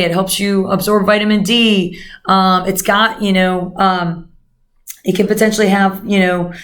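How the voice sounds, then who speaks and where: A woman's voice: mid-range voice, a bit bright. A woman giving a casual nutrition lesson, chatty and full of fillers, talking straight to her viewers. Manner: chatty, many fillers, addresses viewers as guys. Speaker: nutrition coach. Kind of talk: casual instructional talk.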